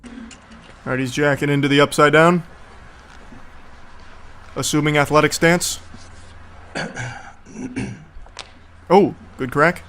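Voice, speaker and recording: A man's voice: fairly high pitch, fairly even intonation, slow pace, long pauses, fairly bright tone, a little hiss or hum. Sarcastic, profane male commentator. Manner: sarcastic, profane, mocking banter. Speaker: commentary host. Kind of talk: casual reaction commentary.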